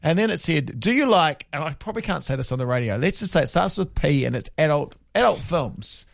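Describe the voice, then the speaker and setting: A New man hosts morning radio, telling an embarrassing story on himself with a lively, up-and-down voice. His pitch sits a touch high for a man and rises and falls freely as he goes. The studio sound is dry and close. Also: a little fast, gravelly, dry recording. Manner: animated, self-mocking storyteller. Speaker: radio breakfast host. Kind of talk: casual on-air radio chat. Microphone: close studio mic.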